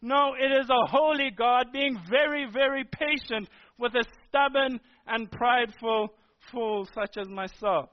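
High-voiced man preaching emphatically. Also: fairly even intonation, measured pace, hardly any pauses. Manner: emphatic, repetitive preaching cadence. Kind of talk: sermon. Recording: dull lo-fi sermon recording.

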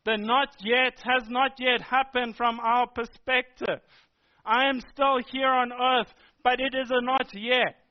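A man's voice: very high voice, steady tone, a little slow. A man preaching a sermon with an emphatic, repetitive cadence that builds through restated phrases. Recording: dull lo-fi sermon recording.

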